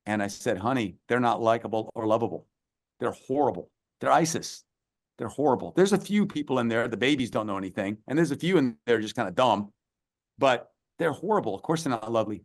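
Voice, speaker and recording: A man's voice: mid-range voice, animated, a little fast. A middle-aged man, a podcast guest, telling a long story in an earnest, emphatic way. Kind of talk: storytelling interview.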